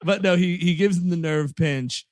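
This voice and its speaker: A man's voice: sits high, moderate pace, no room sound, clean studio sound. A man co-hosting a comedy podcast, recapping a movie, laughing often and acting out lines. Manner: laughs often, acts out character lines in funny voices. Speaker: podcast co-host.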